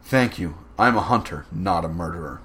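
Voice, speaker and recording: A man's voice: deep voice, animated, normal speed, fairly bright tone. A man voicing an earnest, indignant young hunter with a heated manner.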